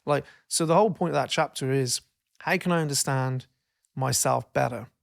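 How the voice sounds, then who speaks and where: A man co-hosting a podcast in casual chat, rambling and self-interrupting, swearing freely and getting animated when he tells stories. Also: medium pitch, normal speed, creaky. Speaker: podcast co-host.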